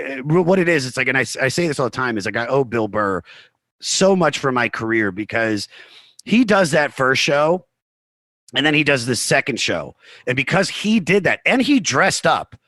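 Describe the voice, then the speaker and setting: A male comedian, a podcast guest, telling animated stories in casual conversation with lots of "like" and "you know.". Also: medium pitch, dry recording. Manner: animated, fast anecdotes full of "like" and "you know"; acts out other people's remarks in his retelling.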